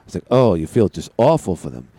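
Chatty male talk radio host, lively pitch. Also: brisk, dry recording. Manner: rambling, chatty, frequent restarts. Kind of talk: casual talk radio monologue and call-in. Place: radio studio.

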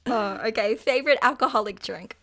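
A woman's voice: fairly high pitch, fairly quick, pushed and bright. A young woman, chatting casually and giggling, joking about herself. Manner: giggly, chatty, self-deprecating. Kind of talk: casual chat.

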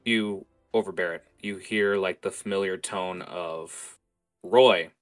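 A man's voice: low voice, steady tone, slow, soft background music. A young man narrating as game master in a casual way, with lots of fillers. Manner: casual, many fillers and restarts.

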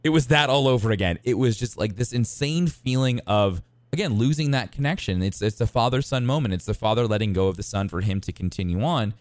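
Excitable male podcast co-host, lively pitch swings, dry close sound, rambling delivery. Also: a little fast, no echo. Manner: excitable, rambling with many restarts. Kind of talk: casual chat.

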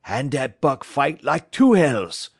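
A rough, excitable sled-dog driver bursts out in loud, broken English, as a male narrator puts him on. His voice leaps well above a plain speaking voice. The recording is dry and close. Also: mid-range voice, slow, no echo, pitched above the performer's own voice, exaggerated voice. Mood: boastful.

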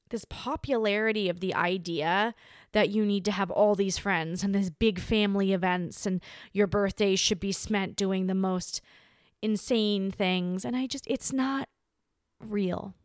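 A woman hosts her own podcast in a mid-range voice, recorded dry with studio quality. She chats casually and straight to her listeners, candid and animated, using "like" often as a filler.

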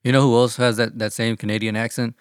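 A man's voice: medium pitch, little pitch movement, fast talker, smooth, no echo, studio quality. A man co-hosting a podcast in casual chat, profane and joking, acting out quotes as he talks. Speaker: podcast co-host.

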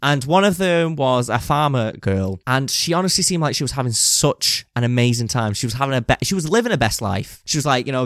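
A man's voice: mid-range voice, animated, a little fast, few pauses, fairly bright tone, dry recording, clean studio sound. A young man co-hosting a podcast in casual, rambling chat, laughing often. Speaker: podcast co-host.

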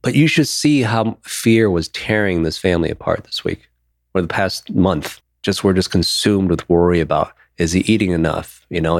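A man's voice: sits low, darkish tone, no room sound, clean studio sound. A man in his thirties, co-hosting a podcast, talking openly and emotionally in casual chat and swearing now and then. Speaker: podcast co-host.

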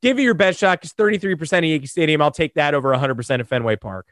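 A man co-hosting a sports podcast, hoarse and animated, talking in a sarcastic, rambling way. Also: on the high side, very fast, no room sound, clean studio sound. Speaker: podcast co-host. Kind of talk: casual sports podcast chat.

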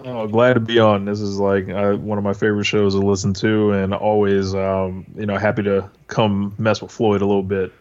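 A man's voice: lowish voice, level tone, moderate pace, few pauses, darkish tone, no room sound, highs cut off. A man appearing as a guest on a casual podcast, easygoing and teasing.

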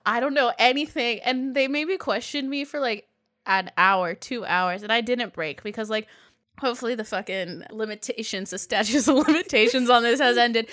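Young woman co-host with a bright, sharp voice; blunt, wry, profane storyteller. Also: on the high side, moderate pace. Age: young adult. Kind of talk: casual storytelling chat.

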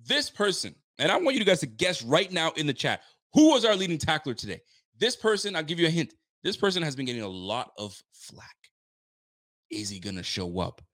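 Male stream host, excitable football recap, dry close sound. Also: on the high side, a little fast, dry recording. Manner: hyped, emphatic, joking and rhetorical. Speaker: fan channel host.

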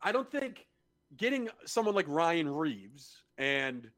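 Blunt guy cohosting a hockey podcast, kinda high voice, swears a lot, casual chat. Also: sing-song, takes it slowly, a bit bright. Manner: blunt, swears freely, analytical. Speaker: podcast co-host. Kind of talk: casual sports talk.

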